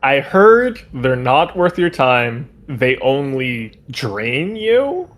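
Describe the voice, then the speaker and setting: A man's voice: mid-range voice, sing-song, drawn-out words, a bit bright. A man speaking hesitantly and casually as a player in a tabletop role-playing game.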